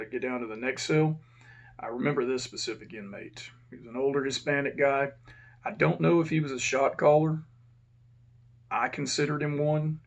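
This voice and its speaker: Gravelly guy swapping old prison stories, cussing, acts out the voices, kinda muffled audio. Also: mid-range voice. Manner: casual, profane, acts out dialogue. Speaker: former prison officer. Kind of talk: casual storytelling.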